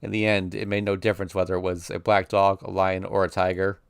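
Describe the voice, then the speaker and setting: Low-voiced man reading a story dramatically. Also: little pitch movement, a little fast, vocal fry, smooth, no room sound, clean studio sound. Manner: intense, emotional first-person narration. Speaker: streamer reading a visual novel. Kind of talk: dramatic reading aloud of a visual novel.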